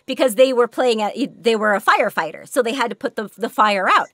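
A hoarse woman giving a chatty workshop talk on voice acting, laughing often as she goes. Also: high voice, expressive, fairly quick, few pauses, fairly bright tone, no echo, clean studio sound. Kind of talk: workshop presentation.

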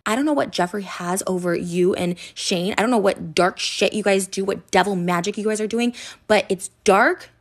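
A woman's voice: medium pitch, normal speed. A woman in an emotional rant straight to camera, upset and hurt, rambling with lots of "like" and restarts. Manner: rambling, filler-heavy, restarts and repeats. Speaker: internet personality.

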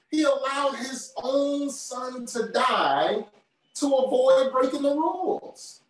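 A man's voice: very high-pitched, expressive, slow. A man preaching a sermon, driving his points home emphatically and repeating key phrases. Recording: very echoey, from far off.

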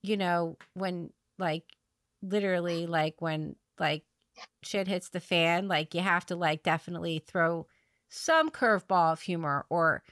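A woman's voice: on the low side, a little slow, no echo. Woman podcast host rambling thru a story w lots of likes, dry voice. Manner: rambling, many fillers and restarts, laughs through dark humor. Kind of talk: casual conversational storytelling.

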